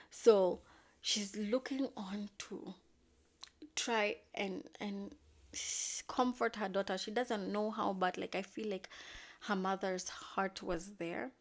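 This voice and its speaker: A woman chatting through a recap of a show, animated and full of sass. Her voice sits at an ordinary middle pitch, and she drops to a whisper for asides. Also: takes it slowly. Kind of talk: casual recap chat.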